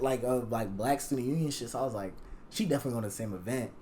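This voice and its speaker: A young man chatting casually on a podcast, telling a story with lots of profanity. He acts out the lines he quotes, so his voice swings in pitch and loudness. A faint hiss of noise sits behind him. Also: expressive, fast talker. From Jamaican. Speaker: podcast guest.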